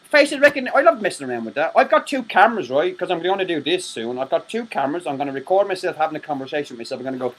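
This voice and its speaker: A high-voiced man talks quickly in a loose, rambling way, swearing freely as he tells his stories. His speech is fast and tumbling, the way a guest sounds on a casual video-call chat. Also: rough recording. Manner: rambling, swearing, animated storytelling. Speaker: podcast guest.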